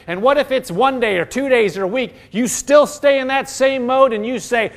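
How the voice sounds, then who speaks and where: A man's voice: very high voice, normal speed, few pauses. A middle-aged man preaching a sermon, emphatic and building into fervent quoted prayers.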